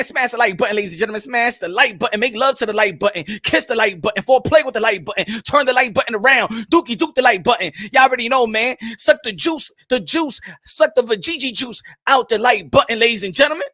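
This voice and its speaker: High, sharp-voiced man hosting a boxing stream, a native Spanish speaker, loud and repetitive. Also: quick pace, few pauses, no room sound, clean studio sound. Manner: profane, hyped, loud and repetitive. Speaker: boxing show host. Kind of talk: livestream rant and chat shout-outs.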